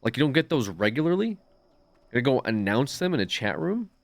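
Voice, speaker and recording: A male streamer chatting casually while gaming, animated and laughing, sometimes trailing off into quiet asides. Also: medium pitch, fairly quick, no room sound.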